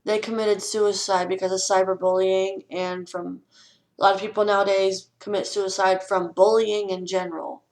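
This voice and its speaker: A woman's voice: mid-range voice, level tone, moderate pace, low-quality recording. A young woman vlogging from home, giving frank, earnest advice with some swearing and a ranting manner. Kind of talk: casual vlog advice talk.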